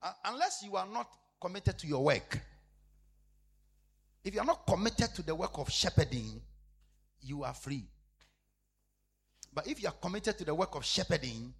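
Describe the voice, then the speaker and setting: Preacher man, high and lively, bright husky tone, keeps repeating lines and swings loud to soft. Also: moderate pace, long pauses. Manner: emphatic preaching with heavy repetition, swinging from loud to hushed. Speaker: pastor. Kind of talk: sermon.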